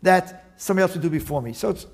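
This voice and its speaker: A man interviewed as a guest, explaining his work in an animated, digressive way with many restarts. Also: high-pitched, very fast, vocal fry. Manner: animated, digressive, with frequent restarts and Talmudic terms. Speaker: guest, attorney and index author. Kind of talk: casual interview talk.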